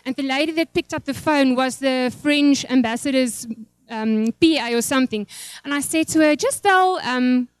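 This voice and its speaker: A woman's voice: high voice, moderate pace, clean tone, no room sound. A woman, a pastor's wife, telling an emotional, rambling church testimony. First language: Afrikaans.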